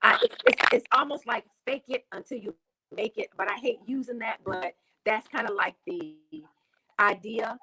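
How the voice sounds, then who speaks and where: A woman's voice: fairly high pitch, normal speed, pushed and bright, a little hiss or hum, low-quality recording. A woman from the United States, a guest on a video call interview, talking casually and repeating herself, with lots of "you know". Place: home in Tanzania.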